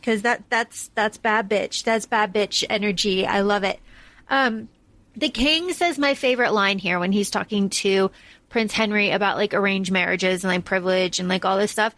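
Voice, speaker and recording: A woman's voice: medium pitch, normal speed, fairly bright tone, no room sound. A woman co-hosting a podcast in casual chat, enthusiastic and gushing. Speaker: podcast co-host.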